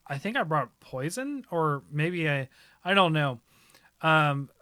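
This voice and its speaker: A man's voice: on the high side, pushed and bright, dry recording, clean studio sound. A man hosting a casual talk stream, speaking thoughtfully and rephrasing as he goes. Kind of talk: casual chat.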